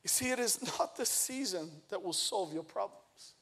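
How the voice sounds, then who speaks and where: A man in his thirties preaching a sermon, telling a lively personal story and acting out the quoted lines. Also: high-pitched, normal speed. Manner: energetic storytelling, acts out quotes. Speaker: pastor.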